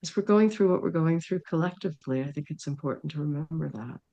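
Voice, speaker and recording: A woman's voice: deep voice, quick pace, dark tone, highs cut off. A middle-aged woman, a podcast guest, telling a personal story in an interview, acting out the dialogue and laughing often. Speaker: podcast guest, dream worker.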